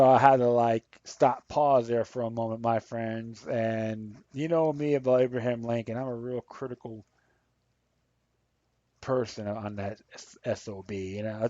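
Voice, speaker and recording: A man's voice: mid-range voice, mellow, dry recording. A man hosting a podcast, giving rambling, impassioned political commentary and reading articles aloud. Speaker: podcast host. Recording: dull lo-fi dry recording.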